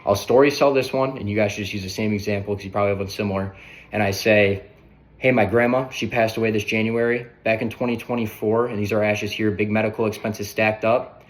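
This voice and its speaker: Fast-talking male sales coach. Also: on the low side, fairly even intonation. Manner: brisk, conversational, often tags on "right?". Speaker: sales trainer.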